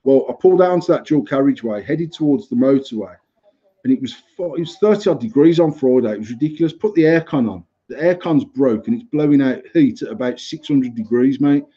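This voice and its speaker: A British man in his thirties tells a heated story on his podcast, swearing freely and getting animated. His voice is mellow and husky, sitting a bit high. The recording is dull and lo-fi. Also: brisk. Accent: British English. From United Kingdom. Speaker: podcast host. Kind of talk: casual chat, ranting anecdote. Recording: slightly muffled lo-fi recording.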